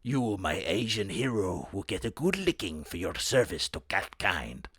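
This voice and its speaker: A man doing Mister Kitty, a deep, smug cat spirit. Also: big pitch swings, fairly bright tone, husky, no room sound, studio quality, full character voice. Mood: lordly. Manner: slow, formal and lordly. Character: posh male cat spirit, smug and flirtatious.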